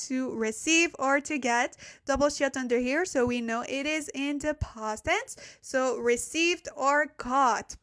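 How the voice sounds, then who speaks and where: High-voiced young woman teaching live. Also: a little slow, a bit bright. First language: not English. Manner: chatty, laughs often, talks to chat viewers. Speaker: Korean language teacher streaming live. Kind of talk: casual live-stream lesson. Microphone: desk microphone.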